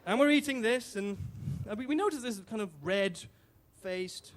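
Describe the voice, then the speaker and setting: A man's voice: sits high, animated, measured pace. A British man telling a comic personal story on stage, wry and self-deprecating, with fillers and restarts. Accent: British English. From Britain. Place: live storytelling venue on stage.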